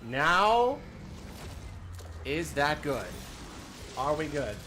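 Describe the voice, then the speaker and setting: A man's voice: fairly high pitch, sing-song, very slow, noisy background. A man streaming live, chatting casually and apologizing in a flustered way while he fixes his audio on a desk mic. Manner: flustered, apologetic, self-deprecating laughs. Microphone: desk microphone. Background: faint awards-show music from a TV.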